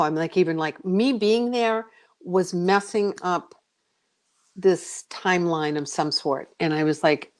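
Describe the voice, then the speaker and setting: This middle-aged American psychic medium speaks slowly in a lowish voice as she tells a long story in a radio interview. She's chatty and animated, uses lots of fillers, and performs her earlier self's voice.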